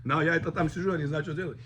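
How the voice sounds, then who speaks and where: A man, a rabbi telling a story to his class in an animated way, mixing in words. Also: fairly high pitch, very fast, a little hiss or hum. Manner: animated, switches between English and Russian.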